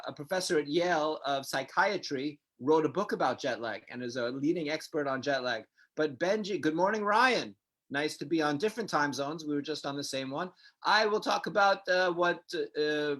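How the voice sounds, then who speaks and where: A man from New York hosting a live Q&A, telling stories in a chatty, animated way. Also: a little high. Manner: chatty, animated anecdote-teller. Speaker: host, community center director. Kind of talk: live Q&A casual storytelling.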